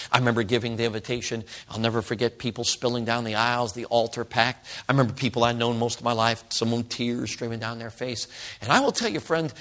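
A man in his sixties, a pastor telling a story in a sermon, swinging from loud outbursts to hushed whispers. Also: mid-range voice. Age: 60s.

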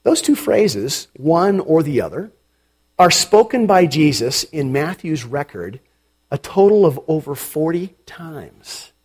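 A man preaching a sermon as pastor, animated and dramatic, with sudden emphatic lines. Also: a little high, slow, husky.

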